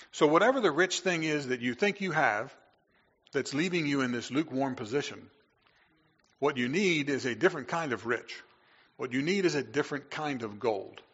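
A pastor giving a Sunday sermon, reading scripture and then explaining it in a relaxed, joking way with frequent fillers. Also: male voice, mid-range voice, slightly rough. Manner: conversational preaching with fillers and humor. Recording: echoey hall, dull lo-fi sound.

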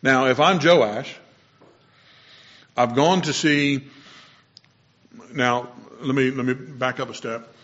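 Male preacher, mid-pitched, chatty sermon delivery, muffled lo-fi recording. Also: fairly even intonation, slow, pauses often, fairly bright tone. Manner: explanatory, with personal asides and self-corrections. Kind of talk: conversational sermon.

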